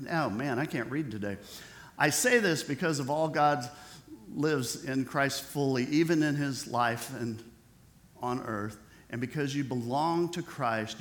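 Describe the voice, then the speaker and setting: A man's voice: mid-range voice, a bit bright. A man preaching a sermon as pastor, emphatic and repetitive, building intensity on key phrases. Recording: echoey church hall.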